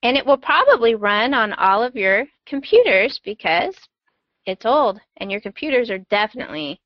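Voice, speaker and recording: A woman's voice: a little high, sing-song, moderate pace, no echo, muffled recording. A woman hosting a podcast in casual chat, playful and enthusiastic. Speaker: podcast host.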